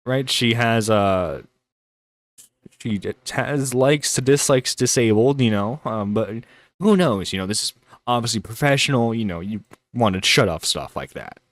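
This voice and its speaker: Lively-voiced male streamer host. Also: mid-range voice, dry recording. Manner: chatty, laughing, halting with fillers. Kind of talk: casual reaction chat.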